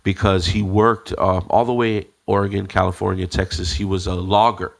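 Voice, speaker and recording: A man co-hosts a podcast and tells a long story in a loose, rambling way, full of fillers and restarts. His voice sits a bit low and has a gravelly edge. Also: flat delivery, normal speed. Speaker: podcast co-host. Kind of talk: casual storytelling chat.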